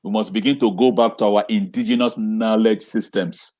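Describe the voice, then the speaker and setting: A man's voice: on the low side, fairly even intonation, moderate pace, darkish tone, lo-fi sound. A man speaking as an interview guest and educator on a video call, talking with passion, repeating phrases and asking rhetorical questions. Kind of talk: impassioned talk on a video call.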